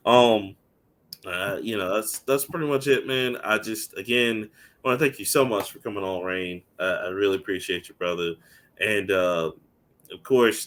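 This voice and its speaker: Young man, podcast host, casual interview banter, lively delivery. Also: fairly low pitch. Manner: animated, imitates friends loudly, laughs often.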